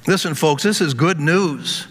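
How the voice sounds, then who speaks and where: A man's voice: a little high, expressive, measured pace. A male pastor preaching a sermon with emphatic repetition, speaking to the congregation as folks. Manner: emphatic, repeats words, addresses congregation as folks. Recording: long hall reverb.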